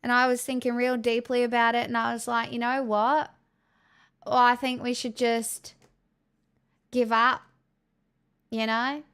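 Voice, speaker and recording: A woman putting on a heavy, nasal, broad Australian accent to play a brash, crude, swearing loudmouth who rambles on. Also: fairly high pitch, level tone, unhurried, long pauses, smooth. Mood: blustering.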